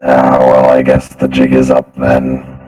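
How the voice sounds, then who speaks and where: Droning robot Warforged. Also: male voice, a bass voice, unhurried, pitched below the performer's own voice, rough recording. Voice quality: flat, droning, hard to understand. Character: male Warforged robot adventurer, master of disguise. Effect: robot voice changer.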